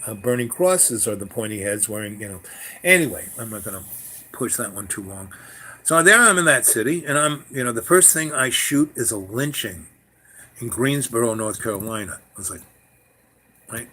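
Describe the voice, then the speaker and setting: Brief: older man, casual rambling storyteller, mid-pitched voice, loose asides. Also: fairly bright tone. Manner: meandering, full of "you know" and "um". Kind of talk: rambling personal anecdote.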